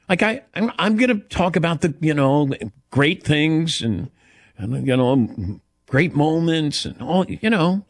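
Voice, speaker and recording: A middle-aged man hosts a call-in talk show, his pitch swinging widely as he rambles and pokes fun at himself. The sound is dry and close, with little room around his voice. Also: no room sound. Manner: self-deprecating, rambling, animated. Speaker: radio show host. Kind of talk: casual call-in chat.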